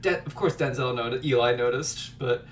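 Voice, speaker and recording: A man's voice: mid-range voice, normal speed, recorded from a distance, slight background noise. A man co-hosting a casual movie podcast, retelling scenes with playful quoted voices. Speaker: podcast co-host.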